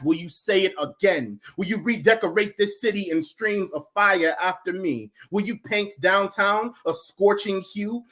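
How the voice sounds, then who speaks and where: Man performing spoken word poetry. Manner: building from low and hushed to loud, chanting intensity. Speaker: poet.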